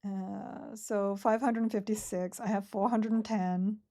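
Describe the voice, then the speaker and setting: A woman in her forties from Sydney with an Australian accent softened by years in America, chatting casually with her audience while she plays a game and answering chat between moves, her throat a bit dry. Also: mid-range voice, steady tone, slow pace. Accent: Australian, partly Americanized. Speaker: game streamer. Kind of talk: casual live-stream commentary while playing.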